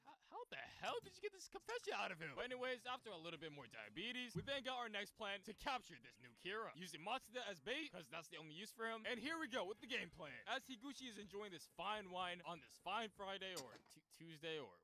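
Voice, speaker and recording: A man's voice: sits high, big pitch swings, brisk, hardly any pauses, sharp tone. A man narrating a comedic anime recap in an irreverent, profane, joking manner. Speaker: gaming and anime channel host.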